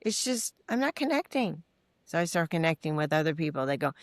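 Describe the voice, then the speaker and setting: A middle-aged woman speaking candidly as a podcast guest, her voice sitting fairly low. She tells stories with animated, acted-out voices and casual swearing. The recording is dry and close. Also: brisk, no room sound. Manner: animated storytelling, acting out quoted voices; frank, uses casual swearing. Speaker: guest, recovery mentor and author. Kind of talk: candid interview conversation.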